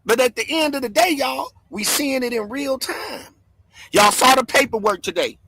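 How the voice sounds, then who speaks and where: Man, very high voice, bright sharp tone, yelling livestream host, dry close sound. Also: normal speed, husky, dry recording. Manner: yelling, fired-up, cursing. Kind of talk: loud commentary livestream. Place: home.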